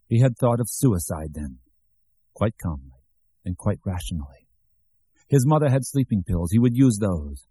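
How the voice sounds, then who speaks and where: A man narrating an audiobook with measured, even storytelling. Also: mid-range voice, breathy edge, no echo. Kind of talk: scripted narration.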